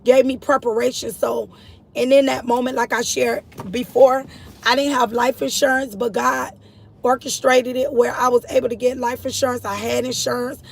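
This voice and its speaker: A woman's voice: a little high, little pitch movement, normal speed, vocal fry, low-quality recording. A middle-aged woman giving a personal testimony about her late son, earnest and repetitive, speaking to her listeners as y'all. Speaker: grieving mother sharing her story. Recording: outdoor street noise, vehicles passing.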